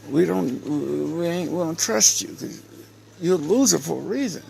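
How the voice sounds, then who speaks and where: A man giving a slow, repetitive, scolding casual rant to camera as a vlogger. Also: on the high side, lively intonation, creaky, darkish tone, slight background noise.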